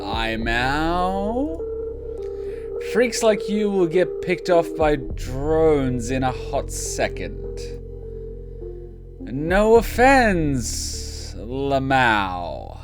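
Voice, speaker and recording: Guy putting on a high drawly stoner bro troll, chill alien dude in a game, music going behind. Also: sing-song, extremely slow, exaggerated voice. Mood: laid-back. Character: stoned surfer-bro male alien troll, laid-back.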